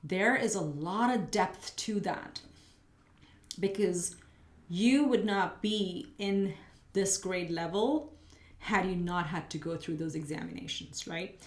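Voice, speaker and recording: A woman's voice: lowish voice, slow, echoey room. A woman host giving a pick-a-card tarot reading, chatty and spiritual, her voice slightly muffled as she is losing it. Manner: chatty, spiritual, thinks aloud while laying cards. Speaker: tarot reader.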